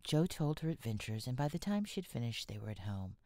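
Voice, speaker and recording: A woman's voice: a bass voice, very animated, brisk, a little mellow, no room sound, clean studio sound. A woman narrating a classic novel as an audiobook, reading expressively and often dropping into a whisper. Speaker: audiobook reader.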